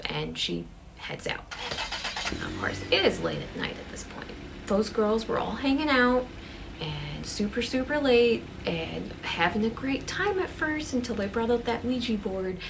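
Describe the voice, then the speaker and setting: Gravelly-voiced woman storyteller, casual, slips into whispers for suspense. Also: fairly high pitch, expressive, unhurried, background noise. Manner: drops to a whisper for suspense, chatty fillers. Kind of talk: casual ghost-story telling.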